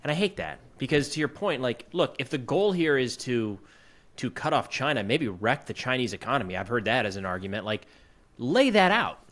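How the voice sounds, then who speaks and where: A man's voice: medium pitch, lively intonation, brisk, a bit bright. A man co-hosting a podcast who talks through his frustration with policy in a searching, conversational way. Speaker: podcast co-host. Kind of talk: conversational political discussion.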